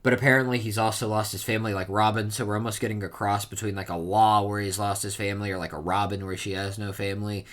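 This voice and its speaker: A man's voice: lowish voice, little pitch movement, fast talker, few pauses, a bit bright. A man giving casual reaction commentary on a manga chapter, rambling with many fillers.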